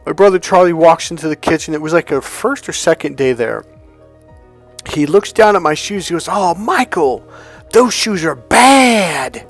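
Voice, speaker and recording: A man with a slightly high voice coaches other men on dating in a blunt monologue. He swears freely and tells stories in a loose, talky way. Faint music plays behind him. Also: fairly quick. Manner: blunt, profane, storytelling with acted-out quotes.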